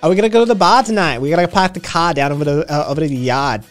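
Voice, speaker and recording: A man's voice: fairly high pitch, racing, soft background music, pitched above the performer's own voice, lightly acted. A man voicing a brash, bar-going Boston guy with a Boston accent that drops its R's.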